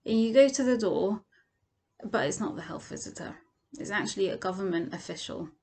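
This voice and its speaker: A woman's voice: medium pitch, expressive, brisk, darkish tone, breathy edge. A woman teaching a Torah lesson as a vivid second-person story, acting out the quoted lines.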